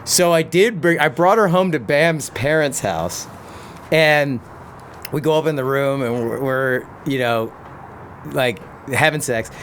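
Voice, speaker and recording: Laughing, animated male storyteller. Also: on the high side, a little slow, slight background noise. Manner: laughing, animated storytelling with crude language and many restarts. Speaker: podcast guest, pro BMX rider and stuntman. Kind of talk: casual storytelling.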